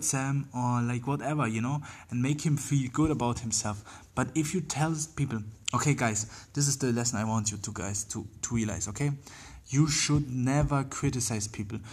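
A man with a slightly husky voice speaks at a mid pitch. He hosts his own podcast, pressing the same point again and again with "like" and "you know" as he hunts for words. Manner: earnest, repetitive, many fillers and restarts. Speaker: podcast host. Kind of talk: casual motivational monologue.

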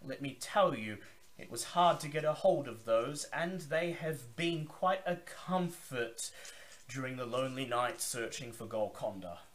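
A man's voice: mid-range voice, animated, unhurried, fairly bright tone, pitched above the performer's own voice. A man voicing a grandiose, zealous male vampire elder who declaims to a gathering. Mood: grand, welcoming. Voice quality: theatrical, declaiming.

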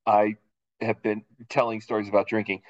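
A man's voice: lowish voice, flat delivery, moderate pace, dull audio. A man co-hosting a podcast, chatting casually and telling rambling, joking stories. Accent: Boston. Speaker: podcast co-host. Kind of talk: casual chat.

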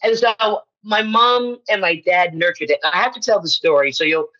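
Bright, husky woman telling lively stories. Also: mid-range voice, normal speed, lo-fi sound. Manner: animated storyteller who acts out quoted voices. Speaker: podcast guest, actress. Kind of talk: personal storytelling in conversation.

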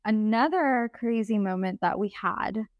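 A woman's voice: medium pitch, measured pace, dry recording. A young woman hosting a casual podcast chat with a friend, telling stories animatedly, quoting herself and her friend, with frequent laughter. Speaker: podcast host. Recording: dull lo-fi sound.

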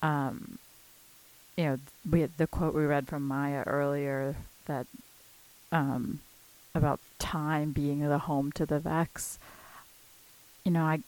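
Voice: mid-range voice, level tone, takes it slowly, long pauses, a little mellow, rough recording. A co-host with a mid-range voice talks through ideas thoughtfully in a casual podcast chat. The delivery is hesitant, with frequent ums.

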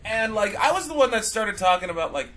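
A man's voice: sits high, sing-song, a little fast, fairly bright tone, slight background noise, rough recording. A man co-hosting a casual podcast chat, rambling with lots of fillers and restarts. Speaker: podcast co-host.

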